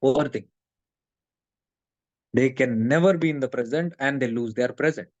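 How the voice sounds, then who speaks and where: A middle-aged man with an Indian accent gives a spiritual talk to an online audience. He tells stories in a lively way, acts out the voices of his friends, and slips Hindi into his English. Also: mid-range voice, moderate pace, no room sound. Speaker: spiritual teacher.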